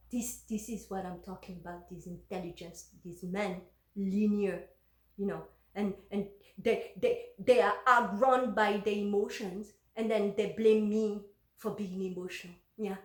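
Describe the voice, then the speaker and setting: A woman's voice: medium pitch, echoey room. A woman telling a personal story in a casual, emotional way, with many fillers and restarts.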